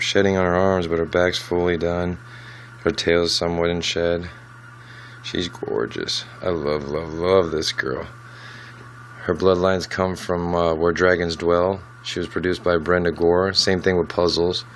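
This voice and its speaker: A man talking casually about his lizards at home, softly cooing to them as he handles them on a handheld camera. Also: low voice, slight background noise, rough recording. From United States. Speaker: reptile keeper. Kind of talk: casual vlog with pet updates. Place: at home among reptile enclosures.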